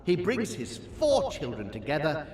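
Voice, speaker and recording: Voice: medium pitch, wildly swooping pitch, moderate pace, darkish tone, reverberant, slight background noise. An actor playing a bitter aristocrat in a video game, speaking reflectively of past betrayals.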